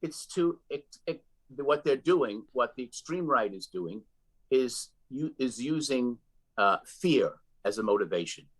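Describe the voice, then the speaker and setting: A man's voice: medium pitch, expressive, a little slow, poor audio. A man speaking as a guest commentator in a political interview, emphatic and often repeating words as he goes.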